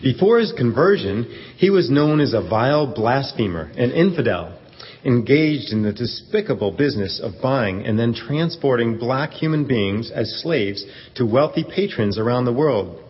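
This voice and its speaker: A man narrating a story in a steady, earnest way, in a dull stage recording. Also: medium pitch, normal speed, husky. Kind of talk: scripted narration. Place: church event stage.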